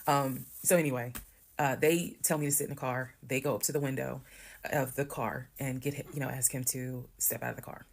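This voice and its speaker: A woman's voice: extremely low pitch, fairly even intonation, brisk, vocal fry, a little hiss or hum. A woman telling a personal story in a casual, blunt, conversational way, cursing now and then. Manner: conversational, blunt, swears while retelling.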